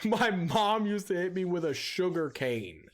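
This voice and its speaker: A man's voice: high voice, normal speed. A young adult man streaming a game, ranting with heavy swearing and telling stories in a casual way. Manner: profane ranting with animated storytelling. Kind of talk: casual live-stream chat.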